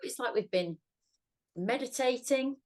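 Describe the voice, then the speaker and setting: A woman's voice: a little high, unhurried, a little mellow. A woman co-hosting a sewing tutorial, talking in a gushing, enthusiastic way. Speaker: co-host of a sewing channel. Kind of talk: casual craft tutorial chat.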